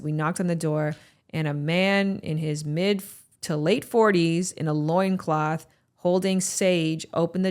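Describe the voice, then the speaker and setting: A woman's voice: on the low side, darkish tone. A woman hosting a podcast, talking candidly and reflectively to her listeners. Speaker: podcast host. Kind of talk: solo podcast talk reading listener reviews.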